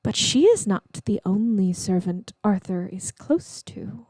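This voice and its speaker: A woman's voice: medium pitch, big pitch swings, unhurried, warm tone. A restless young noblewoman plots her moves, read by a woman narrator in a pressing, impatient voice. The sound is dry and close, with no room echo. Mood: plotting.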